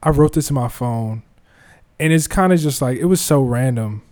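A comedian guesting on a podcast, telling rambling stories in an animated, casual way. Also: male voice, mid-range voice, normal speed. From United States. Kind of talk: casual chat.

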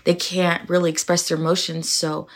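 A woman with a slightly low voice asks the group a question at a measured pace. She sounds calm and deliberate.

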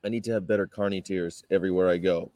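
Guy from california rambling to camera, mellow darker voice, dry close sound. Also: low-pitched, steady tone, fast, dry recording. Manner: rambling storyteller, acts out confrontations in raised voices. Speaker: vegan activist vlogger. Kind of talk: casual talking-to-camera vlog.

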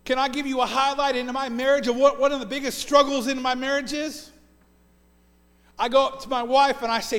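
A man's voice: very high-pitched, moderate pace, a bit bright. A man in his forties preaching a sermon as pastor, earnest and often repeating words as he builds a point. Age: 40s. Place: church sanctuary. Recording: long church reverb.

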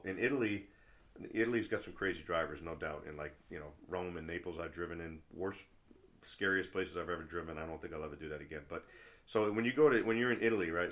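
A middle-aged man chatting casually as a travel vlogger, rambling through stories with lots of fillers and restarts and getting worked up when he rants. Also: low voice. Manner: gets loud and worked up when ranting. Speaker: travel vlogger and tour guide. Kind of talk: casual chat.

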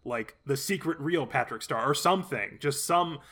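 A man's voice: medium pitch, normal speed, sharp tone. A man in casual podcast chat, bluntly critical and full of fillers.

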